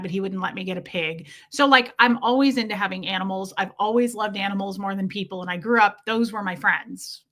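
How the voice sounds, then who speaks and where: A woman's voice: medium pitch, sharp tone. A young woman hosting a livestream from a room at home with her pets, talking candidly and emotionally with lots of fillers and restarts. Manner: emotionally charged, near tears. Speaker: livestream host. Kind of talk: casual confessional livestream talk.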